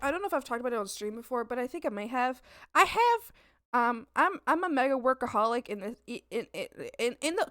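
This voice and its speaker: A woman's voice: fairly high pitch, fairly bright tone. A young woman streaming her art at home, chatting casually while she draws, bubbly and breaking into squealed exclamations. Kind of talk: casual chat while drawing. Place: home apartment.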